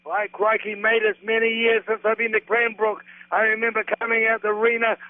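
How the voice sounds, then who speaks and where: A man's voice: high voice, monotone, fairly quick, no room sound. Boisterous older New Zealand man on phone. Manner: boisterous, hammy wrestling persona full of slang. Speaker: professional wrestler guest. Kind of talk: over-the-top wrestling promo banter. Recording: tinny dry phone line.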